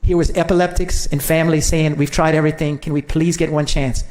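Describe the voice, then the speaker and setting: A man's voice: on the high side, flat delivery, a little fast, a little mellow. A man, a state senator giving a folksy, storytelling farewell speech to the legislature.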